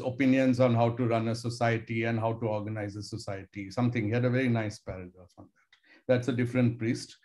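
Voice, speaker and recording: In a storytelling talk for his students, a professor in his 60s from India muses aloud in a relaxed, conversational way, hedging often with fillers. His voice sits in the mid-range and has a darkish tone.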